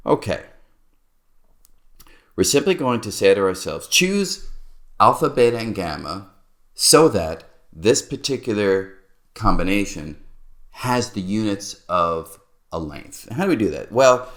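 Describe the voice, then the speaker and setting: A middle-aged man with a low voice explains a physics derivation as he writes it out. His pitch swings widely as he muses aloud over each step, like a teacher at a board. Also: sing-song, a little slow, pauses often, fairly bright tone. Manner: musing, talks to himself while writing. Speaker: physics lecturer.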